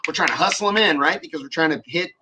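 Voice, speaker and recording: A man's voice: a little high, quick pace, sharp tone, slightly rough. A young man in casual podcast chat about car audio, rambling and profane with many fillers and restarts.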